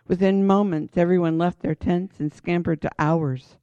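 Woman Bible teacher, sermon delivery, earnest and emphatic, warm low-key tone, dull dry lo-fi sound. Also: steady tone, moderate pace, no echo. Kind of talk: sermon-style Bible teaching with read-aloud passages.

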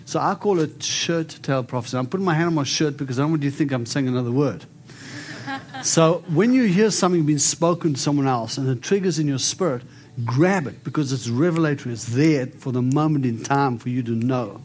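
A man preaching and praying over people in an animated, storytelling way. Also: mid-range voice, a little fast. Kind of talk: prophetic ministry preaching and prayer.

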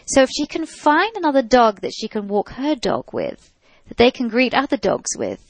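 A woman's voice: fairly high pitch, wildly swooping pitch, moderate pace, no echo. A woman, a dog trainer giving practical advice in a chatty radio talk, with many fillers and restarts. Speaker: dog trainer answering listener questions. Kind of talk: radio call-in advice chat.

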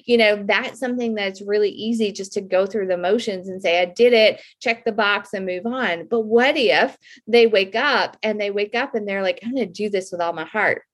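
A woman's voice: medium pitch, normal speed. A woman in her thirties, a mother, talking in an earnest, heartfelt and chatty way about scripture and her children, with fillers and restarts. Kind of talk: casual Christian faith talk.

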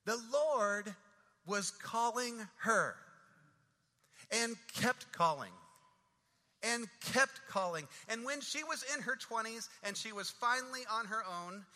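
A man's voice: very high-pitched, lively intonation, slow, bright, forceful tone. A man preaching a sermon, building dramatic rhythmic refrains that swell and fall. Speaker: pastor. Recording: long reverb of a large hall.

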